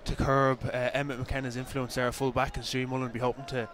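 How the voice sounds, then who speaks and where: An Irish man giving quick, analytical co-commentary on a live hurling match. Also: medium pitch, level tone, fairly bright tone. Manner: fast, analytical with fillers. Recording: noisy outdoor stadium feed.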